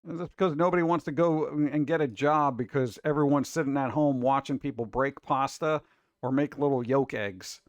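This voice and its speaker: A man's voice: medium pitch, normal speed, dry recording, muffled recording. A man hosting a casual reaction show about food videos, talking in an exasperated, wisecracking way.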